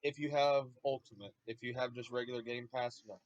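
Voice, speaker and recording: A man's voice: medium pitch, steady tone, a little fast, no room sound. A man in casual voice chat, walking through details in a plain, matter-of-fact way. His mic sounds dry and dull, with a lo-fi edge. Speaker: co-host friend on voice chat.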